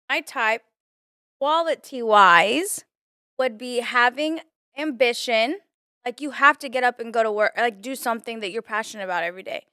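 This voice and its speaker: Young woman guest, earnest and chatty, smooth high voice, dry close mic. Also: sharp tone, no room sound. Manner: earnest, talkative, frequent "like". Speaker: podcast guest. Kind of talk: casual chat.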